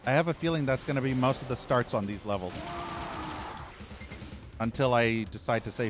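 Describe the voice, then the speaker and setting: A man's voice: medium pitch, normal speed, pauses often. A man streaming a shooter game, giving live commentary with frequent profane, frustrated rants. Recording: game music and gunfire behind.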